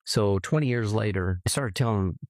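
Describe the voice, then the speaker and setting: A middle-aged man from California telling a personal story earnestly, haltingly, often repeating words as he remembers. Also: lowish voice, dry recording. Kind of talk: personal testimony.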